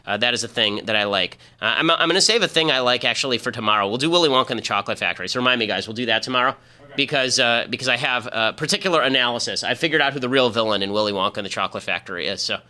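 Combative bright-voiced male commentator. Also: mid-range voice. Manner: fast, combative, mocking. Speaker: podcast host. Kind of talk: opinion commentary monologue.

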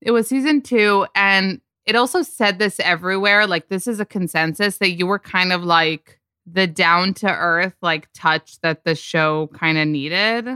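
A woman hosting a gossip podcast, excitable and casual, filling her sentences with "like.". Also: on the low side, a little slow, smooth, no room sound, studio quality. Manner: excitable, fills her talk with "like". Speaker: podcast host.

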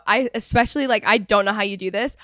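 A woman's voice: mid-range voice, fast, fairly bright tone, dry recording, studio quality. A young woman hosting a podcast in casual chat, effusive and gushing, full of "like" fillers. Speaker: podcast host.

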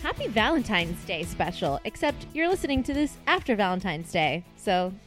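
A woman's voice: mid-range voice, very animated, normal speed, soft background music. Teasing woman podcast host. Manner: teasing, laughs often. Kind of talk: casual chat.

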